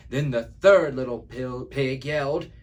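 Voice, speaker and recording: A man's voice: mid-range voice, a little slow, a little mellow, close to an everyday voice. A man reading a children's story aloud as an easygoing male wolf who tells his own side in a chatty, wry, confiding way. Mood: sly. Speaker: library storyteller.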